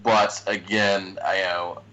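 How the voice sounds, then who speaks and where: A man with a lowish voice co-hosts a podcast, thinking aloud with hesitant restarts. His audio sounds dull and lo-fi. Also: level tone, takes it slowly, sharp tone. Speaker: podcast co-host. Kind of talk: casual chat.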